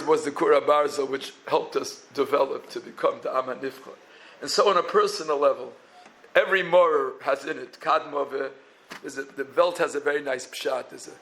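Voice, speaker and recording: Gravelly rabbi with a lilt. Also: male voice, a little high, fairly quick, fairly bright tone, rough recording. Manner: mixes Yiddish and Hebrew terms into English, chanting phrases with a tune. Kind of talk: Torah talk.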